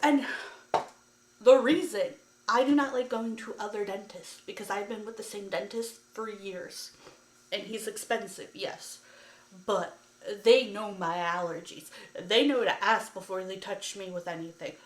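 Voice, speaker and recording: A woman's voice: mid-range voice, unhurried. A woman vlogger telling a story to camera in a ranting, exasperated way, with lots of "like" fillers. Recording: echoey room.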